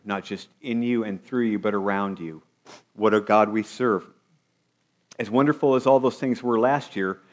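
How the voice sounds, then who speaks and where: Low-voiced male pastor preaching. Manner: preaching with rhetorical questions to the congregation. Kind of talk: sermon.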